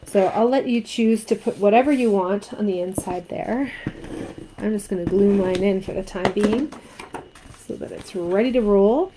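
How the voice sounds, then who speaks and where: A woman's voice: mid-range voice, moderate pace, background noise. A woman from Canada teaching a card-making craft tutorial, chatting and asking viewers what they think. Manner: chatty, asks viewers questions.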